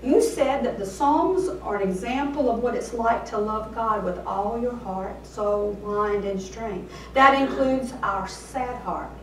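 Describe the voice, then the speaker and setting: A woman's voice: a little high, slight background noise. Earnest teenage girl heading off to college, put on by a woman preacher in a raised voice; roomy sound from a distant mic. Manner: earnest, reciting what she learned.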